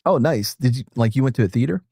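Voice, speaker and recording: A man's voice: medium pitch, lively intonation, quick pace, gravelly, mellow, no echo. Guy streaming and rambling, jokey, voice bouncing all over, dry close sound. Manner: rambling, joking, chuckles often. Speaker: streamer reacting to a video with friends. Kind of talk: casual chat.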